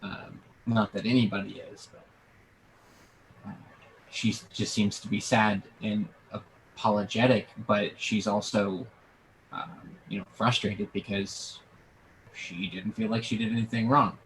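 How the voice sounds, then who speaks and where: Male game master, slow halting narration, lower voice. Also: steady tone, fairly bright tone, a little hiss or hum, poor audio. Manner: slow, halting with many fillers.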